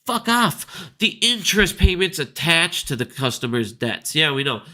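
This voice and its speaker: A man's voice: fairly high pitch, big pitch swings, normal speed, sharp tone. A man hosting his own market video, ranting casually in a blunt, profane, scornful way. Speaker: stock market video host.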